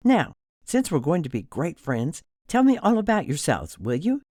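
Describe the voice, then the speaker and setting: A man's voice: sing-song, moderate pace, mellow, dry recording, studio quality. Man doing a gushing Midwestern cruise director. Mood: bubbly. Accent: Midwestern American. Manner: bubbly, nonstop, high-energy chatter. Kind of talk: audiobook character voice.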